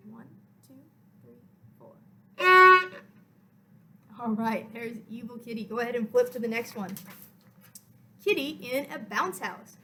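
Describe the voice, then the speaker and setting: A woman orchestra teacher explaining music step by step in a clear, encouraging way for a recorded lesson. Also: on the high side, moderate pace, rough recording.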